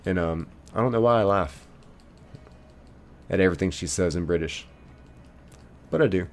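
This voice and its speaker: A man's voice: low voice, normal speed, a little mellow. A man live streaming a game, reading viewers' chat messages aloud and answering them playfully. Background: faint game music.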